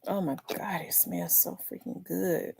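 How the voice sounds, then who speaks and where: Woman, casual livestream chat, unhurried pace, a little winded, greets viewers by name. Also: fairly low pitch, little pitch movement, vocal fry, a little mellow, husky. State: out of breath. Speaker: livestream host.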